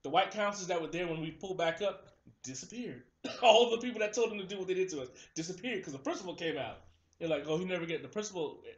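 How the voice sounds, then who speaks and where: A young man in casual chat, telling a story in an animated way and acting out the people in it. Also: sits high, fast talker, roomy sound, muffled recording. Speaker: host.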